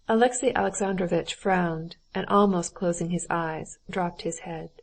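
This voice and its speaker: A woman narrating a classic novel audiobook in a steady, even reading style. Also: lowish voice, moderate pace, creaky, few pauses. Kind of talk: scripted narration.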